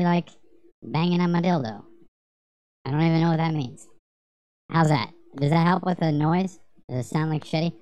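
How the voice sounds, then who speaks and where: Low-voiced woman streaming a retro game. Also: darkish tone. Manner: rambling, profane, joking banter with chat. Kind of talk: casual livestream gameplay commentary.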